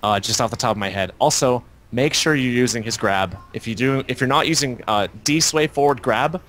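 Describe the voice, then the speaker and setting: A man's voice: medium pitch, fairly quick, fairly bright tone, soft background music. A man co-hosting a casual gaming podcast, explaining fighting game tactics in detail. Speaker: podcast co-host.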